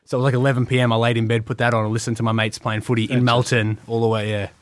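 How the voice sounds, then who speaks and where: A young Australian man chatting on a podcast, talking quickly and slipping into other people's voices as he tells his stories. His voice sits at an ordinary pitch, recorded dry and close. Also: level tone, no room sound. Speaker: guest wrestler. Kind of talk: casual podcast interview.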